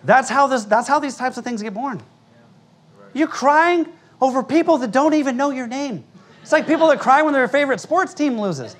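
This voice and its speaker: A man's voice: very high voice, expressive, normal speed. An American man, a pastor, preaching a sermon in church in a blunt, emphatic, conversational way, with frequent asides to the congregation. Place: church sanctuary before a congregation.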